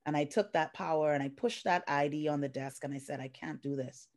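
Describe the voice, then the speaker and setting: A woman from the Bahamas with a very low, deep voice, recounting her life story on a video call. She tells it with emotion and acts out the voices of the people in her story, speaking as a middle-aged life coach. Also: fast talker. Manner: emotional, animated retelling with acted-out quotes. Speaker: life coach, featured guest. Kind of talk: personal storytelling in an interview.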